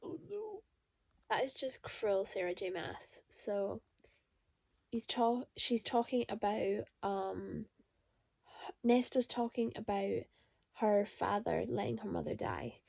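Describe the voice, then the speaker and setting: A woman's voice: medium pitch, animated, takes it slowly, gravelly, a little mellow, dry recording. A young woman chatting through a reading vlog, reacting with emotional exclamations. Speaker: book vlogger.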